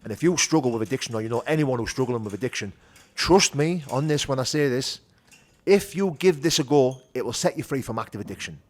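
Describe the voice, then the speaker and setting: Fast-talking man. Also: medium pitch, expressive. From North of England. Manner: rapid, frank, full of "you know" and "do you know what I mean". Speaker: podcast guest. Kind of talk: candid conversational storytelling.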